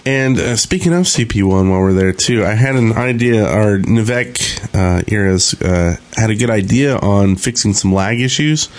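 Low male voice, halting podcast co-host, lots of "uh". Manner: halting, filler-heavy. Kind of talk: casual podcast chat.

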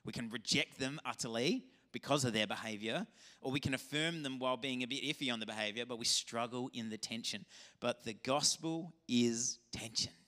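A man, a pastor, preaching a lively, conversational sermon. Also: medium pitch, a little fast. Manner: animated, conversational preaching with acted-out dialogue. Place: church auditorium.

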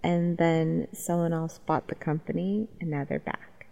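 A woman's voice: on the low side, steady tone, measured pace, vocal fry, dark tone, dull audio. A woman co-hosting a casual podcast, joking playfully with her co-hosts. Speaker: podcast co-host. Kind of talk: casual chat.

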